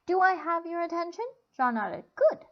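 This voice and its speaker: A woman's voice: extremely high pitch, animated, moderate pace, voice pushed up. A woman voicing a blunt, bossy floating girl spirit in a story reading, on a dull lo-fi recording. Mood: commanding.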